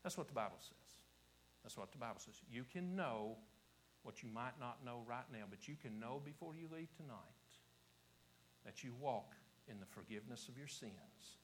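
A man with an Appalachian accent preaching a revival sermon to a church congregation, swinging from shouting to hushed whispers and repeating his phrases. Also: mid-range voice, expressive, moderate pace, slight background noise, rough recording. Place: church service before a congregation.

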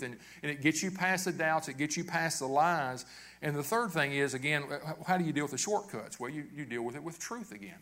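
A man's voice: a little high, quick pace, a bit bright. A man preaching a sermon as pastor, earnest and repetitive, often restarting his phrases.

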